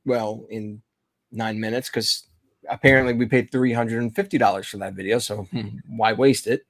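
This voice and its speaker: A man's voice: lowish voice, fairly even intonation, normal speed. Rambling young man ranting. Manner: rambling ranting storyteller, profane. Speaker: podcast co-host. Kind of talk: casual banter.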